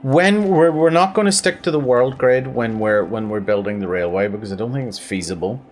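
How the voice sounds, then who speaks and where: A man's voice: medium pitch, brisk, soft background music. A tired man with a Belfast accent, rambling through casual gameplay commentary and joking at his own expense. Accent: Northern Irish, Belfast. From Northern Ireland. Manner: rambling, self-deprecating, repeats words. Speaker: gaming video host.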